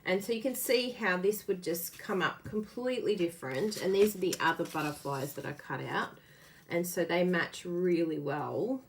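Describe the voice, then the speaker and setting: A woman hosting a casual card-making demo, chatty and quick to laugh as she works. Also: on the low side, slight background noise. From Australia. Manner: chatty, laughs often, explains while working. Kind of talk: casual live craft demo.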